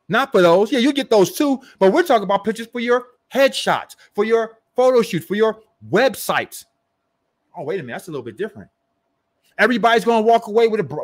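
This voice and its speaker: In a high-sitting voice, a network marketing coach rants emphatically and animatedly, throwing rhetorical questions at the listener and poking fun at hype.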